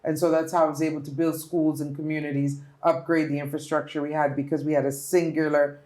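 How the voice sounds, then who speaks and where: A woman politician from the Turks and Caicos Islands, speaking with a local accent, gives earnest, emphatic answers as an interview guest. Her voice is deep and darkish, with a flat delivery and a quick pace, heard in an echoey room.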